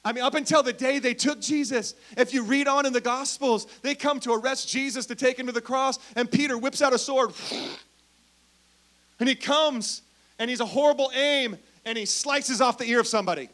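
Guy preaching a sermon, kinda high voice, storytelling, goes big then hushed, talks right to the crowd. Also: moderate pace. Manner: animated storytelling, swings from loud emphasis to hushed; addresses congregation directly. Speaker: pastor.

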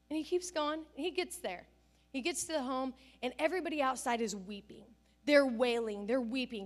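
A middle-aged woman pastor preaches from the pulpit in a fairly high voice. She tells stories with animation, acting out the people she quotes and jumping up in pitch for emphasis. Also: normal speed. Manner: animated storytelling, acts out family scenes and quotes with bursts of laughter. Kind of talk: sermon.

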